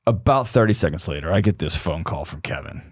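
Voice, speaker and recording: Sharing personal stories on a podcast, this man performs the voices of the people in them with lively energy. His low voice is fast, creaky and husky, recorded dry and clean in a studio.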